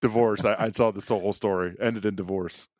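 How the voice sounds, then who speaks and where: Podcast co-host, male, lowish voice, dry close sound; storyteller who acts out quotes. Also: fairly even intonation, a little fast, a little mellow, dry recording. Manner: frequent restarts, crude jokes. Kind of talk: casual chat.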